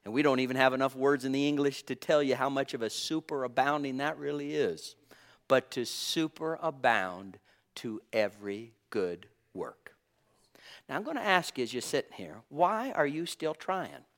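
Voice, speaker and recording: A man preaching a sermon with emphatic, drawn-out phrases, swinging between loud bursts and soft asides, chuckling now and then. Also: mid-range voice, animated.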